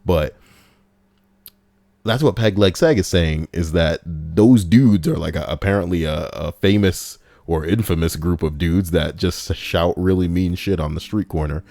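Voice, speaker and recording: Young male livestream host with a low voice, loose and profane, riffs on chat messages. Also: unhurried, a little mellow, dry recording, clean studio sound. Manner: profane, rambling, laughs at his own stories. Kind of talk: casual reaction stream chat.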